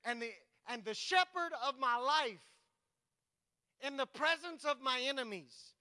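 A man's voice: very high voice, unhurried, sharp tone. A pastor preaching a sermon to his congregation, emphatic and repeating his points.

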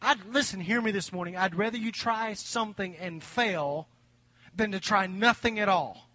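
A man preaching a sermon as pastor, folksy and animated, with humor. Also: high-pitched, normal speed.

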